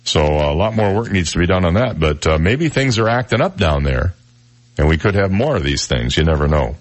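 A man's voice: deep voice, big pitch swings, a little fast. An older man hosting a radio talk show, reading odd news stories and adding wry, joking asides. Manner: wry asides, reads stories then jokes about them. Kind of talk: casual news-of-the-day monologue.

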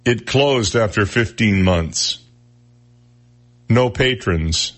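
A man's voice: lowish voice, lively intonation. A man hosting a casual radio talk show, telling odd news stories with jokey asides. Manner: chatty storyteller, jokey asides, quick impressions. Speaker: radio host.

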